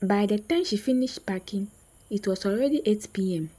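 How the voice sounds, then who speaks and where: A woman narrating a scripted story in a slow, suspenseful way with dramatic pauses. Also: medium pitch, dark tone, breathy edge, low-quality recording.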